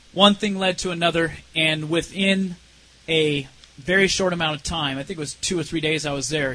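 A man telling an emotional personal testimony in an earnest, halting way, his voice dropping low and soft at the most intense moments. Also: a little hiss or hum, poor audio. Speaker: speaker sharing a personal testimony.

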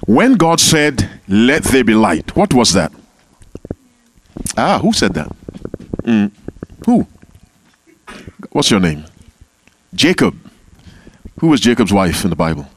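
A man's voice: on the low side, sing-song, slow pace, pauses often, a little hiss or hum. A man leading an interactive Bible class, calling on members by name and repeating key phrases. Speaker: Bible teacher.

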